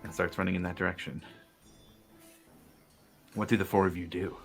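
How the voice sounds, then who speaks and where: A man's voice: low voice, flat delivery, moderate pace, gravelly, soft background music. A man narrating a tabletop game as game master, describing scenes loosely with fillers.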